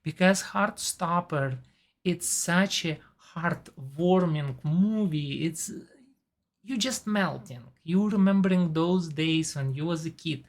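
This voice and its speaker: A woman in her forties speaks English with a non-native accent in a low, gravelly voice. She talks slowly and chats casually about shows and actors she loves, keen and unhurried. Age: 40s. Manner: chatty, enthusiastic about actors. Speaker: TV and movie reviewer. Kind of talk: casual chat.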